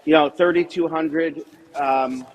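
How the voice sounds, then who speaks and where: A man calling in to give election results, measured and hedging with plenty of fillers. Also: on the high side, steady tone, muffled recording. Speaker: party official calling in results. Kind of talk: live call-in update.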